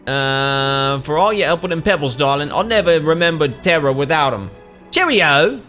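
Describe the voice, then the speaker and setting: Man voicing a cheery high-pitched cockatrice in broad dialect, bouncy and lively. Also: moderate pace, faint music behind. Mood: chirpy. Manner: broad working-class British dialect; bright, high, cheery sing-song. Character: chatty scatterbrained cockatrice bird.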